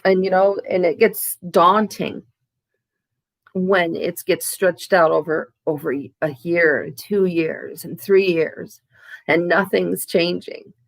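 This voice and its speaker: Halting, gravelly-voiced woman vlogger. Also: on the low side, fairly even intonation, no echo. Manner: halting, with many restarts. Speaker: vlogger sharing her addiction recovery. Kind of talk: candid, emotional to-camera talk.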